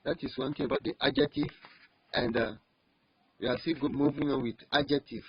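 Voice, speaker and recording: Husky man teaching slowly with repetition. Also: medium pitch. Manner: slow, repeats each word several times. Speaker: French teacher. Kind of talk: online language lesson. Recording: dull lo-fi recording.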